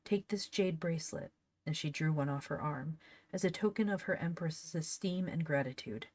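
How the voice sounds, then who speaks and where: Low-voiced woman reading an old story. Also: moderate pace, darkish tone. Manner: reads plainly, breaks off to laugh and comment. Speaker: reader of an old book. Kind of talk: casual read-aloud with asides.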